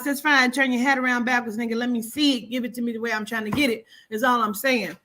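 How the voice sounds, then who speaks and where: A woman's voice: on the high side, steady tone, a little fast, few pauses, sharp tone. Chatty, profane woman horoscope reader. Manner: chatty, profane and playful, addressing viewers directly. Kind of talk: casual astrology reading.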